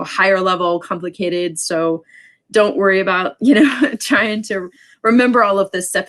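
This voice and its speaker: A woman teaching a sign language class, explaining in a casual way with many ums and quick asides. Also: medium pitch. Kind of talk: casual online class lecture.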